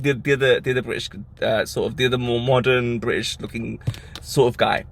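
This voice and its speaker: Young man, quick animated vlog storyteller, amused, casual delivery. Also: medium pitch, a little hiss or hum. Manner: animated, amused, breaks into laughter. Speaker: vlogger.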